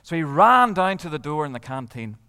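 Northern Irish male storyteller, expressive, slightly high voice, hall with long echo. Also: brisk, smooth. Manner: lively, expressive, with dramatic hushes. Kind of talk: telling a story to a live audience.

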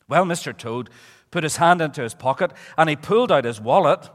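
A man giving a children's talk in church, an animated storyteller who asks the children questions. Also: fairly high pitch, moderate pace, long pauses. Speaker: preacher. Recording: echoey church hall.

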